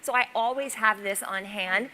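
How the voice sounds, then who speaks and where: Bright-voiced woman chatting on a beauty panel. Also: medium pitch, normal speed. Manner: chatty, enthusiastic, with fillers like "like". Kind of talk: casual panel talk. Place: live panel on a stage at a fashion event.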